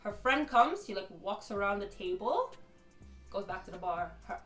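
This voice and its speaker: A woman vlogger telling a storytime tale in an animated, slangy way, often turning to her viewers directly. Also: mid-range voice, moderate pace, recorded from a distance. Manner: animated, slangy, keeps addressing the audience. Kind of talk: casual storytelling to camera. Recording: echoey room with faint music.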